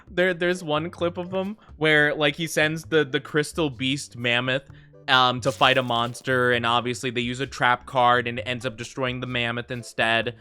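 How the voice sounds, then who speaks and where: A man's voice: mid-range voice, flat delivery, normal speed, sharp tone, clear, resonant tone. A man streaming a game, chatting casually in a rambling way, full of fillers and laughing easily. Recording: faint background music.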